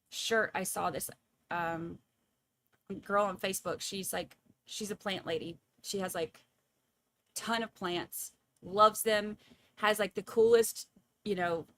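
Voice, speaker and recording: A woman's voice: mid-range voice, fairly bright tone. A woman, chatting casually and laughing as she reads viewer comments at home. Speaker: livestream host.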